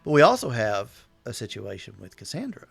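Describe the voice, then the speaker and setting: A man's voice: mid-range voice, huge pitch swings, fairly quick, gravelly, slightly rough, soft background music. A man running a tabletop game, recapping with dry, short prompts to the players. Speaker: game master.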